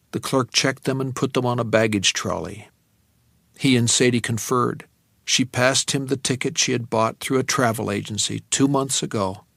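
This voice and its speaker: A male narrator with a gravelly, fry-edged voice, reading a first-person novel in a measured, tense way. His pitch sits in the middle range, and the recording is close and dry, with no room sound at all. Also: a bit bright, dry recording. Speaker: audiobook narrator.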